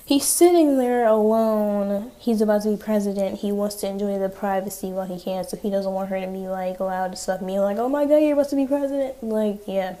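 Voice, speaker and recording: Young woman, warm mellow voice, chatty profane TV recapper. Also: medium pitch. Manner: chatty, profane, sarcastic asides. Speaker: TV recap vlogger. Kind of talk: casual episode recap.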